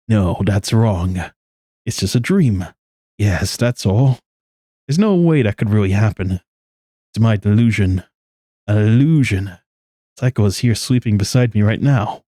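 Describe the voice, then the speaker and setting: A man's voice: fairly low pitch, warm tone, no echo, studio quality, close to an everyday voice. A man reading aloud the earnest, trembling inner monologue of an anxious, lovesick young male student from a game.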